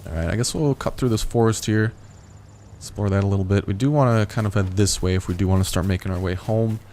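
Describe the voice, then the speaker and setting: Guy with a lowish voice chatting through a survival game, rambly and laid back, faint ambient hum behind. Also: quick pace, darkish tone. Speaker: gameplay video host. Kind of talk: casual gameplay commentary.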